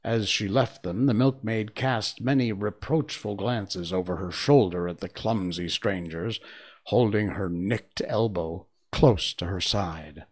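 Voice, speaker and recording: A man reading a fairy tale aloud in an expressive storytelling manner. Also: on the low side, measured pace. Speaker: narrator.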